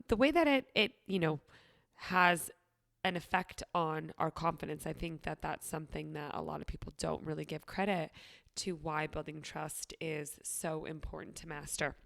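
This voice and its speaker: A woman's voice: lowish voice, gravelly, fairly bright tone. A young woman hosting a motivational podcast, speaking upbeat and encouraging to her listeners, her voice nasal and sniffly from a cold. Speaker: podcast host. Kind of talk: solo motivational podcast talk.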